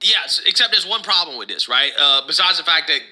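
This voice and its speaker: A man making a measured argument as a political commentator, pausing on frequent fillers. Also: on the high side, expressive, sharp tone, low-quality recording.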